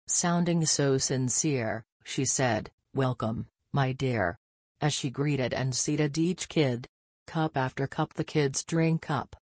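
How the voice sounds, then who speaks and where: A storyteller reading a children's bedtime story aloud at a steady, deliberate pace. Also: medium pitch, no echo, studio quality.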